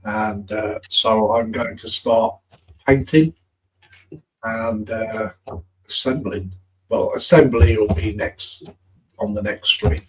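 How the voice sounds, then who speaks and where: Male panelist, low and very husky, heard from a distance, relaxed step-by-step explainer. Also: takes it slowly, pauses often. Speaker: guest panelist. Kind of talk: casual live-stream chat.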